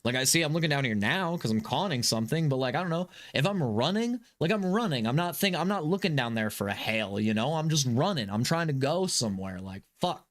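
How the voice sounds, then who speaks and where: A man's voice: fairly high pitch, lively intonation, fairly quick, few pauses. Frustrated, stammering male gamer. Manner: rambling, stammering, swears and apologizes often. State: frustrated and agitated. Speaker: gaming streamer. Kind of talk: casual live gameplay commentary.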